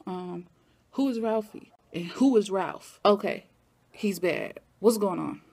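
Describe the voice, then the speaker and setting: Animated woman recapping a TV episode. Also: mid-range voice, slow pace, gravelly, husky. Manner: animated, talks back at the characters. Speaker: TV recap vlogger.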